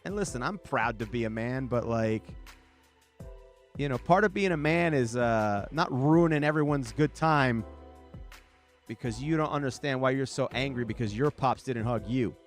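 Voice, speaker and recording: A man's voice: mid-range voice, moderate pace, soft background music. A man hosting his own show, talking casually and comedically to viewers, mocking with rhetorical questions and brief impressions. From United States. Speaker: podcast host. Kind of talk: casual comedic monologue reading chat.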